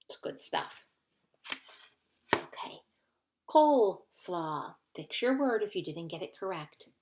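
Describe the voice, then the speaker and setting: A woman's voice: fairly low pitch, animated, measured pace. A woman teacher giving a recorded phonics lesson to children, patiently sounding out and spelling words. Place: indoors at a whiteboard.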